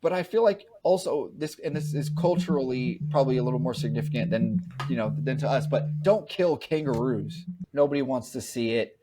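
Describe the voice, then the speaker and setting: This podcast co-host talks fairly quickly with few pauses over a noisy background, his voice medium in pitch. He's a man giving a loose, rambling review of a horror movie, often circling back and starting his sentences over.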